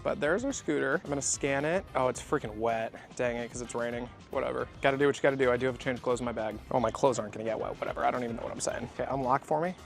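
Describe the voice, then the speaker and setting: A man vlogging to a handheld camera, thinking out loud and exclaiming as he plays a travel hide-and-seek game. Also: mid-range voice, rapid-fire, vocal fry, few pauses, faint music behind. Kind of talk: excited vlog narration to camera. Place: outdoors on a rainy city street.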